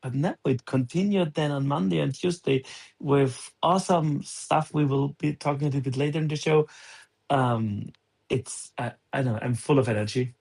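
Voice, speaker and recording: Hesitant husky-voiced male co-host. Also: mid-range voice, normal speed, darkish tone. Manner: hesitant, repeats words, many fillers. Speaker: podcast co-host. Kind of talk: casual podcast chat.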